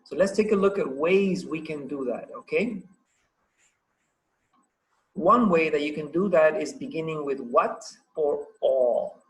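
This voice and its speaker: A man's voice: fairly high pitch, unhurried, rough recording. A man with a Paraguayan Spanish accent teaching an English grammar class over a video call, patient and encouraging, asking the students lots of questions.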